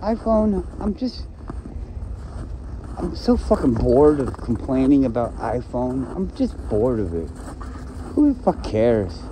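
A man's voice: mid-range voice, sing-song, takes it slowly, long pauses, noisy background. Profane ranting man vlogger. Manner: profane, complaining, talks to himself. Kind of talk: rambling solo vlog rant.

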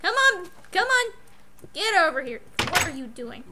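High, lively woman yelling at a game. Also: moderate pace. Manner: excitable, yells and swears at the game. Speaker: let's play co-host. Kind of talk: gaming commentary. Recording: loud background hiss.

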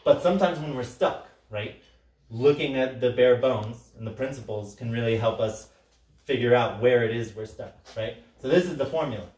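A man leading a workshop, talking casually and acting out the quoted lines with a lot of energy. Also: mid-range voice. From Sicilian background. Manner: animated, acts out quoted lines loudly, frequent "right?". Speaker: workshop facilitator. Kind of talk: workshop talk. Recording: roomy, from a distance.

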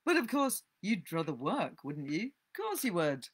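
A woman voicing a brash, teasing boy who shouts steamboat orders and mocks his friend. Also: lowish voice, huge pitch swings, measured pace, slightly rough, full character voice. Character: cocky boy playing a steamboat.

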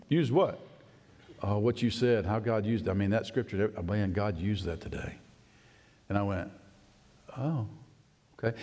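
A male pastor preaching a sermon in a folksy, animated way, swinging from excited high bursts to low, quiet emphasis and laughing often. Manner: folksy, laughs often, acts out his own past words. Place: church sanctuary. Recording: long reverb of a church sanctuary.

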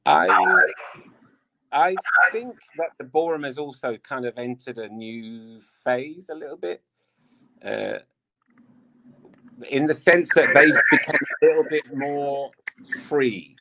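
A man's voice: medium pitch, big pitch swings, takes it slowly, pauses often, sharp tone. A man from England, a dance teacher and coach, chatting casually as an interview guest, rambling with lots of "I mean".

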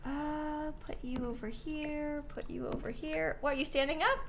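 A young woman chatting casually to her viewers while playing a game live, animated and talking back to the game. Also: high voice, a little slow, a little hiss or hum. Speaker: streamer. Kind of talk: casual live-stream gameplay chat. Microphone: headset.

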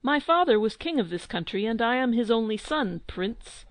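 A woman's voice: a little high, expressive, moderate pace, dry recording, lightly acted, poor audio. A woman voicing a haughty young prince who has lost his throne, mocking and proud in a storybook reading.

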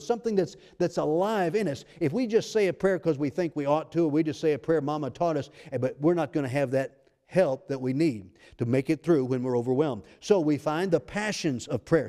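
A man preaching a sermon as pastor, reading scripture slowly and preaching emphatically. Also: a little high, mellow. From United States.

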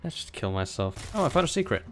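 A man's voice: medium pitch, very animated, fast talker, a bit bright, slight background noise. A young man streaming his first playthrough of a shooter game, jumpy and swearing, talking back to the enemies and mocking himself. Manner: jumpy, swears a lot, yelps when startled; self-mocking, talks to the enemies. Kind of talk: casual gameplay commentary.

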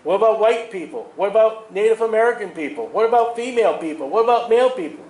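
High-voiced, animated male preacher. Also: quick pace, roomy sound, rough recording. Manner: animated, chuckles at his own asides. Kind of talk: sermon.

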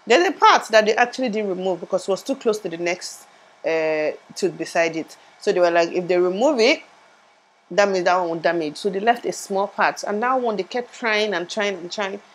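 A woman's voice: mid-range voice, expressive, moderate pace, low-quality recording. A young woman vlogging casually, chatty and rambling, laughing at herself while sore from a recent tooth surgery. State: in pain after tooth surgery, speech a bit muffled. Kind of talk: casual vlog chat. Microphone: lapel mic.

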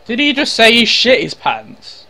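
A man's voice: very high-pitched, big pitch swings, measured pace, noisy background. A man gaming and bantering with strangers, teasing and mocking them with bursts of laughter, heard over a headset. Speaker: gamer streamer. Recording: game gunfire and chatter behind.

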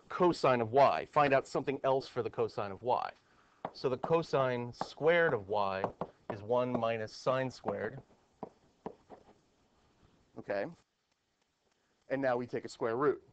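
A man's voice: mid-range voice, slow pace, long pauses, slight background noise. Male math teacher, classroom lecture, asks students questions, dull lo-fi audio.

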